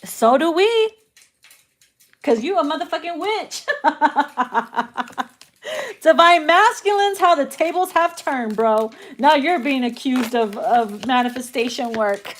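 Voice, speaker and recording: Slow-talking brash tarot-reading woman. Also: high-pitched, lively intonation. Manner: brash, profane and laughing a lot. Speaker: tarot reader.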